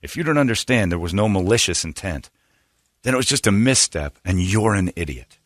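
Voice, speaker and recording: Expressive and low-pitched with a fairly bright tone, this middle-aged morning radio host rants brashly, mocks readily, and slips into put-on voices during his opinionated talk. The recording is dry and studio quality.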